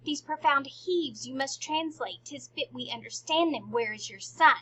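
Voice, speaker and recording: A woman's voice: high voice, moderate pace, low-quality recording. A woman reading as a troubled, scheming king. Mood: lamenting. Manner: loud, emphatic Shakespeare reading.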